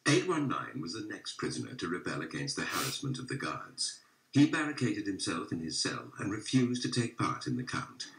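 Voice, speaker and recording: Deep, lively male documentary narrator. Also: a crowd in the background. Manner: measured, grave narration. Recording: roomy echo.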